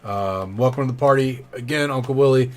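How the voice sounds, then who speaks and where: A man's voice: mid-range voice, a little fast, very noisy. A man streaming tarot readings live, chatting casually, rambling and thanking viewers by name. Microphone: studio condenser mic.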